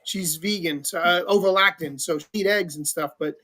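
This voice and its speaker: High-voiced, upbeat livestream host. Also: male voice, moderate pace. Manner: upbeat, enthusiastic shout-outs and prompts. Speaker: livestream talk show host. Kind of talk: casual livestream chat.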